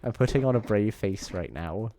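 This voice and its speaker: A man's voice: on the low side, animated, normal speed, mellow, a little hiss or hum. A young man streaming a game from his bedroom, chatting playfully and rambling to his viewers. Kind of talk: casual chat while gaming. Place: home bedroom.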